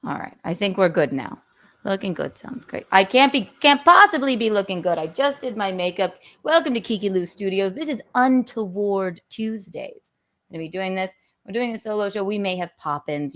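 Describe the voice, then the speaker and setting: A woman's voice: fairly low pitch, a bit bright. A woman hosting her own live stream in a casual, playful and theatrical way, humming nonsense sounds as she adjusts her studio mic. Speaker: host. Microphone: own studio mic, adjusting its volume.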